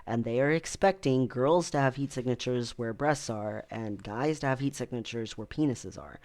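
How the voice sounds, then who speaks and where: A man's voice: mid-range voice, normal speed, darkish tone. Laid-back man rambling through a vlog. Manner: rambling, many ums, laughs often. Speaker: vlogger. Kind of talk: casual personal vlog.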